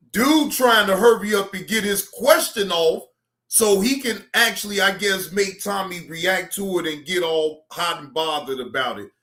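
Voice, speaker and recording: A man hosting a reaction video, commenting casually in slow, rambling, exasperated asides. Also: high voice, a bit bright.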